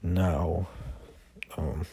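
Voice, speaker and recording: A man's voice: low voice, little pitch movement, extremely slow, creaky, warm tone, breathy edge, no room sound, exaggerated voice. A man voicing a blunt, weary male hero in a fan-made spoken story, reading the quoted lines plainly with many fillers.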